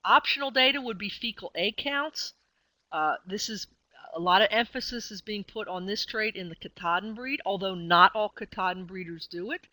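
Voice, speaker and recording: A woman lectures in a webinar, her voice bright and forward. She explains in a conversational way, pausing on fillers and correcting herself as she goes. The sound is dry and close, with no room around it. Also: mid-range voice, no room sound, poor audio. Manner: conversational teaching with frequent fillers and self-corrections. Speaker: extension specialist presenting a webinar.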